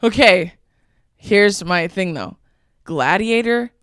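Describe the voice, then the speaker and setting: A woman's voice: medium pitch, animated, slow, a bit bright, clean tone, no echo, studio quality. A young woman co-hosting a podcast, chatting casually and telling long rambling stories with frequent laughs. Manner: rambling storytelling, laughs often. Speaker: podcast co-host.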